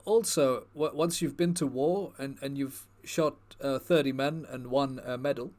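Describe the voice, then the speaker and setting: A man playing a brooding, self-serious male war-veteran comedian, with a solemn, halting, grave delivery. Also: mid-range voice, background noise, natural voice.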